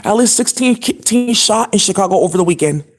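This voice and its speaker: A channel host delivers a long, scattered monologue to camera. The voice is husky and sits at an ordinary middle pitch. The talk is profane and indignant, full of fillers and restarts. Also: lively intonation, a little fast.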